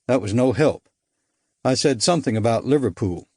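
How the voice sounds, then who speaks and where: A man narrating a first-person thriller audiobook in a measured, dry storytelling manner. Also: medium pitch, animated, darkish tone, dry recording.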